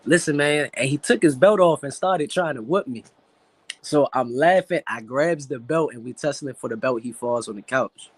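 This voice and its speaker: A man's voice: mid-range voice, normal speed, breathy edge, dry recording. A man, a professional boxer, talking candidly and with blunt profanity as an interview guest, emotional when he speaks about his late father. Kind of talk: casual interview talk.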